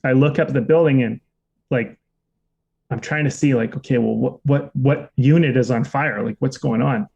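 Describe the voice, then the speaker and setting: A man on a podcast telling a personal story in a relaxed, casual way, full of "like" fillers and the odd swear word. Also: mid-range voice, normal speed, gravelly, husky, lo-fi sound. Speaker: podcast co-host.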